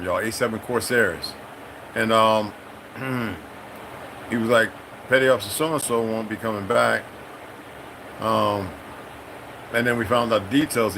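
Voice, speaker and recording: In a noisy setting, a middle-aged ex-military man holds forth in a casual, wandering monologue. He's profane and streetwise, and his male voice jumps now and then into sudden high-pitched bursts.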